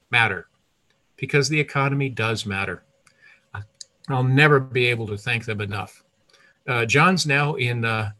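A man's voice: medium pitch, pushed and bright. An older retired man telling a personal story in a conversational way, with restarts and self-corrections.

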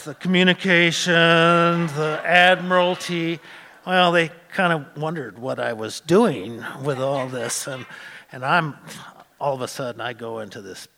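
A man's voice: mid-range voice, gravelly, a bit bright, in a large hall, a little hiss or hum. A man from Montana telling a personal travel story in a conversational way, with frequent restarts. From Montana, USA.

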